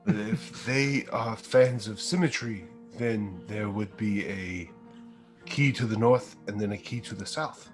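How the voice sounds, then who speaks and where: A man plays a tabletop game over an online call, speaking in an unhurried, drawn-out way. He sounds thoughtful and easygoing. Soft music sits faintly behind. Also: lowish voice. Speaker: player. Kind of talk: casual chat during a tabletop game.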